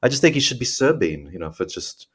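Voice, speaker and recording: A man playing an aloof aging English pop singer in a comedy radio bit, talking in a halting, meandering, deadpan way. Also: medium pitch, husky. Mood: droll, vague. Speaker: guest playing a singer character. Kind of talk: comedic improv interview.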